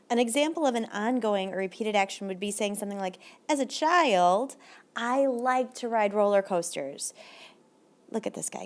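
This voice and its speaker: A woman with a medium-pitched voice teaches a recorded video lesson in an upbeat, encouraging way. She slows down and draws out her Spanish examples.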